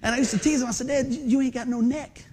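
Animated high-voiced pastor. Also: male voice, fast talker, slight background noise. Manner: animated, swings from hushed to excited exclamations. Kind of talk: lively storytelling sermon.

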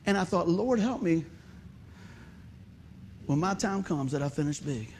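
A man's voice: on the high side, animated, unhurried, darkish tone, a little hiss or hum. A man preaching a sermon, telling a folksy story and joking with the congregation. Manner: folksy, conversational, joking with the audience.

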